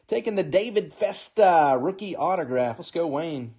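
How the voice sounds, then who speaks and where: Husky-voiced guy running a card break, a bit high, keeps it upbeat and chatty calling out the pulls. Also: animated, moderate pace, few pauses, a little mellow. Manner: upbeat, calls out names and teams while opening packs. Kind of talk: live card break commentary.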